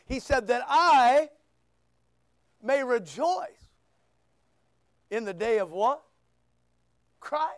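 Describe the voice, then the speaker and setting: Man preaching, very high voice, smooth and clear, close dry sound, rhetorical questions. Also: dry recording. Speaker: pastor. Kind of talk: sermon. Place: church.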